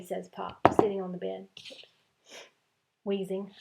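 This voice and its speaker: Teacher lady reading a kids' novel out loud, gravelly voice, lively with the dialogue. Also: mid-range voice, normal speed, heavy background noise. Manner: expressive, lively voicing of dialogue. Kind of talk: reading a chapter book aloud.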